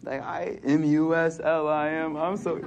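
A man in his forties preaches a sermon in casual street slang, telling stories and acting out the people in them with quoted voices. His voice is on the high side yet level and darkish, moving at a measured pace, and the audio sounds dull.

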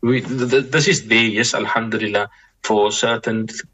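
A man speaking as an Islamic scholar guest, giving reflective advice in a measured way, often repeating and restarting phrases and interjecting religious expressions. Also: on the low side, steady tone, fairly bright tone, slightly rough, muffled recording.

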